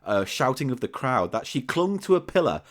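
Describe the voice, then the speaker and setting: A man's voice: mid-range voice, normal speed. A man co-hosting a comic podcast, reading facts from a book and teasing his partner with dry asides. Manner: reads aloud from a book, teasing and deadpan asides. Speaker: podcast co-host reading a story.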